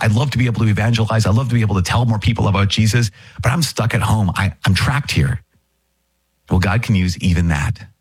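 A man's voice: deep voice, husky, no room sound. A man, a Catholic priest, giving an earnest, plain-spoken podcast reflection with sudden exclamations.

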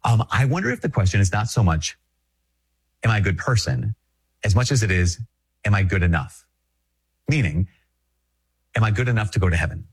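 A Catholic priest from Minnesota giving a conversational, emphatic reflection, repeating phrases and chuckling often. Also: male voice, fairly low pitch, lively intonation, brisk, long pauses, husky. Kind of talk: spoken reflection to an audience.

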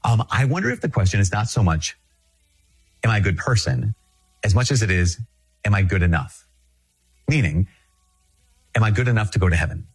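A middle-aged priest from Minnesota talks to the listener in a husky, slightly low voice. He teaches in a conversational way, earnest and emphatic, and he drives his points home by repeating short phrases. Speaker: Catholic priest.

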